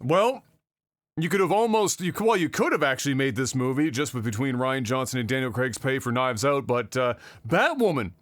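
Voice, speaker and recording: A man co-hosting a casual podcast, talking in an animated, profane, rambling way with lots of fillers. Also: mid-range voice, fairly quick, no room sound, studio quality. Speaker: podcast co-host.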